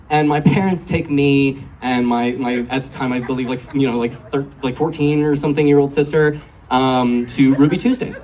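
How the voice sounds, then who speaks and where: A man's voice: mid-range voice, darkish tone. A man in his twenties doing a stand-up comedy set, telling a rambling story full of "like" and frequent giggles. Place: comedy club stage. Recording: distant live club recording, faint room noise.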